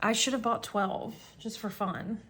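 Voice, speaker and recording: A woman's voice: mid-range voice, measured pace, a bit bright, slightly rough. A woman in her thirties chatting casually as she flips through her planner, rambling and self-deprecating, with frequent restarts and fillers. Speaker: planner vlogger.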